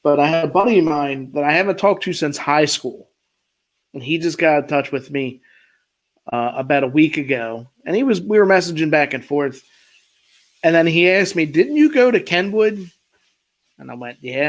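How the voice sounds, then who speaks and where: A man with a Maryland accent, hosting a casual podcast chat and telling stories with drawn-out pauses that trail off quietly. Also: fairly high pitch, expressive, low-quality recording. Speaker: podcast host.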